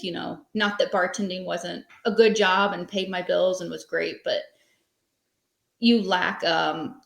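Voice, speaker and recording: A woman's voice: fairly low pitch, vocal fry. A woman in her thirties, a podcast guest, telling her story in a rambling, conversational way full of fillers. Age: 30s. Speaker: podcast guest, small business owner. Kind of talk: casual interview storytelling. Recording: echoey room.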